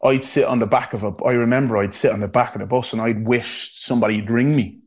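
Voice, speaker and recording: A young man with a Dublin Irish accent chatting casually on a podcast. He talks quickly and keeps asking "do you know what I mean". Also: medium pitch, steady tone. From Ireland. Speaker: guest.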